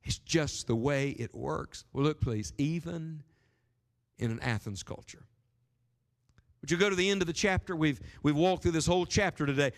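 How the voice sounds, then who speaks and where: A man pastor preaching a sermon, animated and emphatic, rising and dropping his voice for stress. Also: on the high side. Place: church sanctuary. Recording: sermon with long hall reverb.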